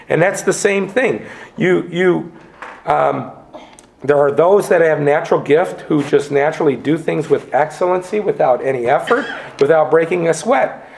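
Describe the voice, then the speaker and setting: A middle-aged man preaching with earnest emphasis, circling back over his words as he drives each point home. His voice sits a little high for a man and carries a gravelly edge. The sound rings in an echoey church hall. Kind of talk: sermon. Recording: echoey room.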